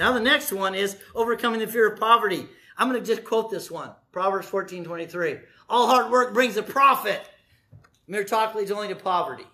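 High-voiced man preaching a sermon. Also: brisk, sharp tone. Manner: conversational preaching, storytelling with asides; asks the congregation questions. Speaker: pastor.

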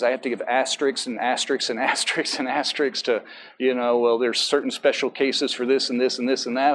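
A man's voice: mid-range voice, low-quality recording. A man preaching as pastor in a church, talking in a conversational way with many asides and self-corrections. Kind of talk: sermon. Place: church sanctuary.

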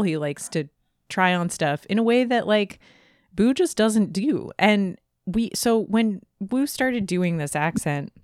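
A woman's voice: mid-range voice, clean tone, no room sound, studio quality. A woman co-hosting a podcast in casual chat, talking with frequent restarts and laughs. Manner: chatty, laughing, many restarts. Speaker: podcast co-host.

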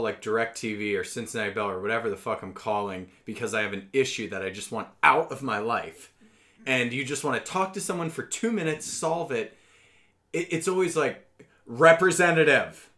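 A man co-hosting a casual podcast, animated and profane, breaking into loud mock voices. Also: mid-range voice, a little fast. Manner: animated, swears a lot, shouts mock voices. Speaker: podcast co-host.

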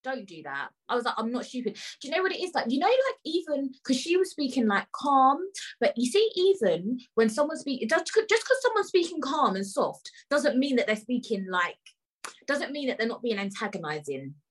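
A woman hosting a podcast tells an indignant, emphatic story, swearing freely and addressing her listeners directly in a casual rant. Her high voice is sing-song and brisk, and the audio quality is poor.

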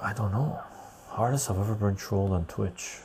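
Tired, gravelly low-voiced man chatting. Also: normal speed, noisy background. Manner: loose and rambling, laughs easily, reads chat aloud. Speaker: livestream host reading chat. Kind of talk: casual livestream chat.

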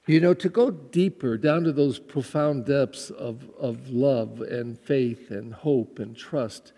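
A man who is a pastor, giving a relaxed, conversational homily with frequent fillers and repeated words. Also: medium pitch, slow pace. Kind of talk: podcast homily. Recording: long hall reverb.

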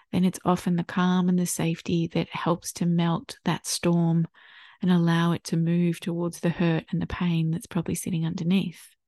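Gentle gravelly-voiced woman podcaster. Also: lowish voice, no echo, clean studio sound. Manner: gentle, reflective, invites listener to imagine. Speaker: podcast host. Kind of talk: solo podcast talk on parenting.

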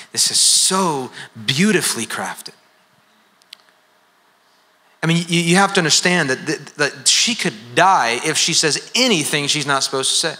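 Pastor, man, bright slightly high voice, earnest sermon, long hall reverb. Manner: earnest, repeats words when stressing a point.

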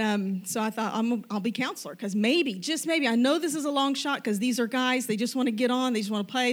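Middle-aged woman, lively testimony storyteller, bright and a touch high, plays all the parts. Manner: animated, self-deprecating, acts out quoted dialogue. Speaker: youth sponsor telling a personal faith story.

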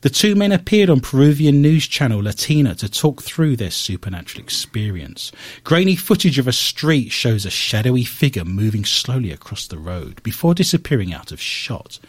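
A man's voice: medium pitch, moderate pace, husky. A man hosting a radio talk show, telling stories and reading the news with wry asides. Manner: animated storyteller with wry asides.

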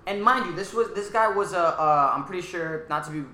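A man co-hosts a casual podcast, talking quickly and animatedly. His voice is bright and a little high, and he acts out quotes as he tells a story. The room around him echoes. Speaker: podcast co-host. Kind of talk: casual chat.

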